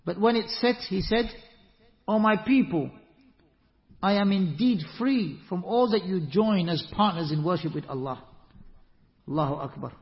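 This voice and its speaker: A man giving an Islamic lesson, explaining verses and reciting Quran passages, animated, with rising rhetorical questions. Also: high-pitched, normal speed, pauses often. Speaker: Islamic teacher. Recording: echoey hall, muffled lo-fi sound.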